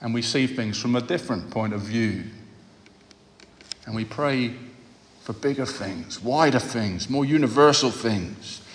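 A man's voice: mid-range voice, slight background noise. Man preaching in an echoing hall. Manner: measured, with repetition for emphasis. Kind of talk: sermon. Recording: long hall reverb.

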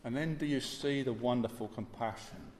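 A man's voice: medium pitch, normal speed, a little mellow, echoey room, long reverb tail, a little hiss or hum. A male preacher giving an earnest sermon in a church, dwelling on repeated phrases.

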